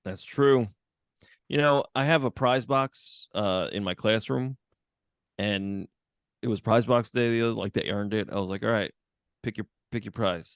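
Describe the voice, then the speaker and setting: A man's voice: fairly low pitch, a little slow, clean tone, no echo, studio quality. A man who teaches, co-hosting a podcast in casual chat, laid-back, swearing and laughing often.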